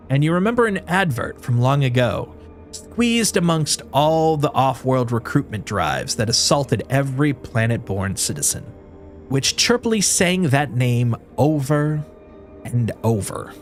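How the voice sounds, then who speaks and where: A man's voice: medium pitch, big pitch swings, a little slow, faint music behind. A man streaming a story game, reading its narration aloud with expression and breaking off for playful asides.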